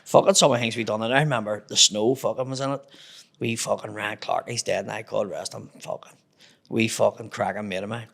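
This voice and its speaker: Belfast man, gravelly and low, cheerful sweary yarn-spinner for a chat podcast. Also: steady tone, fast talker, a bit bright. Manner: swears constantly, acts out voices in anecdotes. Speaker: comedian guest. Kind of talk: casual storytelling chat.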